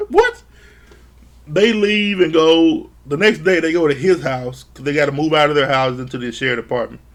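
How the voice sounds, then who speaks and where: A man's voice: fairly high pitch, steady tone, brisk, hardly any pauses. A man recapping a reality show in a casual, blunt and profane way, sounding exasperated. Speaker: show reviewer.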